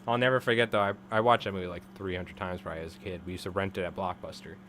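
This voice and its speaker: A man's voice: low-pitched, steady tone, rapid-fire, a bit bright, slight background noise. A man in his thirties chatting casually on a live stream while tying flies, rambling and laughing often. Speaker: live-streaming fly tyer.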